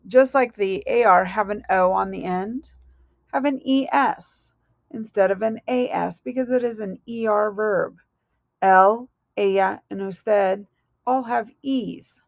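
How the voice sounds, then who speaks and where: A woman explains verb conjugations at an unhurried, deliberate pace, her voice carrying a gravelly edge. She spells out each ending letter by letter with patient, steady care. The recording is dry and close, with no room echo. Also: a little high. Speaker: Spanish teacher. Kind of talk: recorded classroom lesson.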